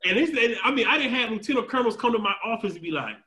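Animated bright-voiced man telling stories. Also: very high-pitched, rapid-fire, poor audio. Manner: animated storytelling, acts out quoted dialogue, laughs often. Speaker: podcast host. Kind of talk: casual chat.

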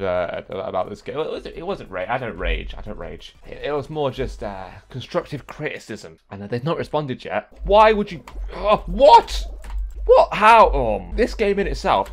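A young man commentating a game he is playing, excitable, yelping and swearing at other players, then muttering to himself. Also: medium pitch. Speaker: gaming YouTuber. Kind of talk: let's play commentary.

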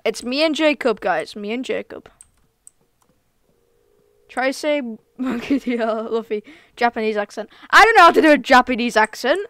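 A woman streaming a game live, talking casually to viewers, excitable and giggly, full of slang. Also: fairly high pitch, moderate pace, no room sound, studio quality. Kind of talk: casual live gameplay commentary.

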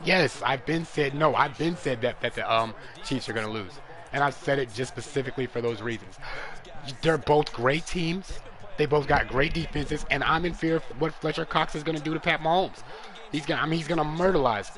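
A young man streaming a football video game live, trash-talking and commentating, dropping to mutters and jumping up to yells. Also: fairly high pitch, a little fast. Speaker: gaming streamer.

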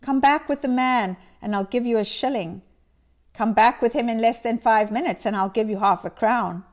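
A woman voicing an old man, a reformed miser who turns giddy and briefly feigns gruffness, in a dramatic reading. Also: on the high side, normal speed, lightly acted. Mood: excited. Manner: excited, exclaiming. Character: old male miser turned jolly, gruff.

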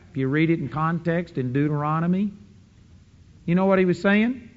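A man preaching a sermon, emphatic, breaking into quick offhand asides. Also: high-pitched, slight background noise. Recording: dull lo-fi sound with long hall reverb.

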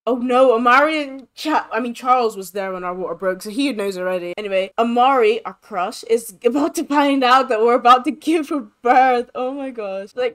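Chatty bubbly woman doing game commentary, kinda high voice, says like a lot. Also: a little fast, few pauses, fairly bright tone. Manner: bubbly, lots of fillers like "like". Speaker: gaming channel host.

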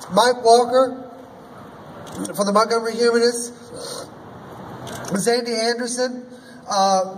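A man's voice: high-pitched, distant mic, slight background noise, low-quality recording. A man performing as a drag queen emcee, hosting a rally with a sassy, folksy manner and rallying the crowd. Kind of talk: rally speech. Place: outdoor rally.

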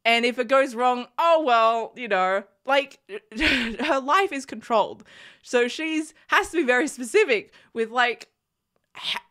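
A young woman gushing excitedly about a TV show in a casual reaction vlog, laughing often, recorded indoors in a small room. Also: on the high side, measured pace. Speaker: reaction vlogger.

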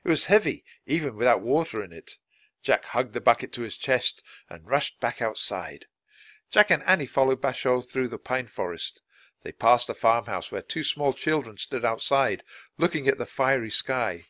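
A man's voice: medium pitch, lively intonation, moderate pace, sharp tone, no echo. A man reading a children's chapter book aloud at natural speed for language learners, with dramatic expression. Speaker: narrator.

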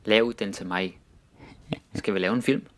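A man reading example sentences slowly and deliberately, saying each one twice. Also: lowish voice, steady tone, fairly bright tone.

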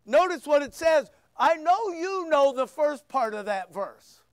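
Pastor, male, very high voice, slow deliberate sermon delivery with loud bursts. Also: sing-song, no echo. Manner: emphatic preaching with sudden loud bursts and quiet asides.

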